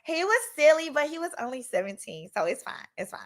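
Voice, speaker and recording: A woman attorney hosting her channel, telling a comedic story in a playful, animated way and acting out the people in it. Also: high-pitched, fairly quick. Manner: animated, playful, acts out quoted voices.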